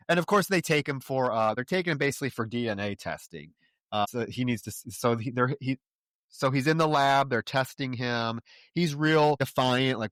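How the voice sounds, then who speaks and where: A man co-hosting a podcast, retelling a movie plot in a relaxed, rambling way. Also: medium pitch, normal speed, no echo, clean studio sound. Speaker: podcast co-host. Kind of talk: casual film recap.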